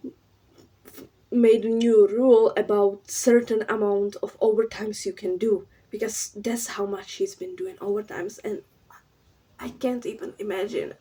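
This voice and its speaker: Young female vlogger, soft breathy tone, earnest and halting, slightly off-mic. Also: mid-range voice, distant mic, poor audio. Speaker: YouTuber. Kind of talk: personal to-camera vlog.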